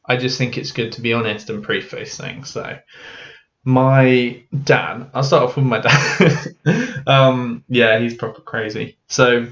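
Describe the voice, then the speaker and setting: A man talking candidly to camera as a mental health vlogger, frank and halting, with many fillers. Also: mid-range voice, a bit bright. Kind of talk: candid personal talk to camera. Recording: dull lo-fi audio.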